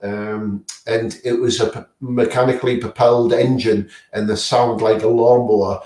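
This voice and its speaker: A man's voice: medium pitch, fairly even intonation, moderate pace, a little mellow, recorded from a distance. A man, a guest paranormal investigator, answering casually with many fillers and restarts. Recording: roomy sound, away from the mic.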